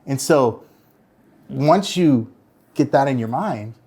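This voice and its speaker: A man's voice: mid-range voice, lively intonation, slow, darkish tone, husky. A man being interviewed as a real estate broker, telling stories earnestly and acting out what others said. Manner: earnest storytelling, acts out quoted voices. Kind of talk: interview answers.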